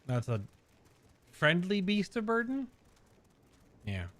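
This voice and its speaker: A man's voice: sits high, huge pitch swings, slow pace, a bit bright. A man casually commenting on his game, joking, reacting aloud and reading quest text. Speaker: let's play host.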